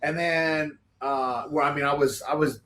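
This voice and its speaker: A man's voice: on the high side, steady tone, measured pace, fairly bright tone, a little hiss or hum. A man as a podcast guest telling a long, rambling story in casual chat, swearing freely.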